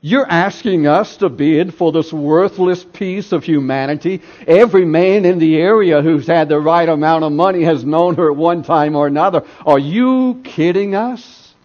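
A man's voice: fairly high pitch, moderate pace, few pauses, close to an everyday voice. A man preaching, voicing a mocking male bidder who jeers at an auction in a dull lo-fi recording. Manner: mocking, incredulous shouting.

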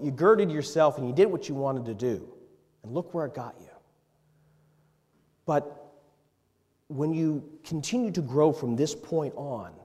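A man preaching a sermon, moving between loud emphatic passages and hushed, tender ones. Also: a little high. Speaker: pastor. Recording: long reverb in a hall.

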